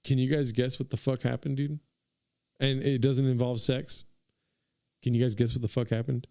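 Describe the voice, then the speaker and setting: A young man spins a comic story for his podcast listeners, rambling and swearing freely and calling everyone "dude." He talks at an ordinary pitch for a man. The sound is dry and close, with no room echo. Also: little pitch movement, moderate pace, warm tone. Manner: profane, rambling, says "dude" constantly, addresses listeners. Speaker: podcast host. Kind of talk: casual comedic storytelling.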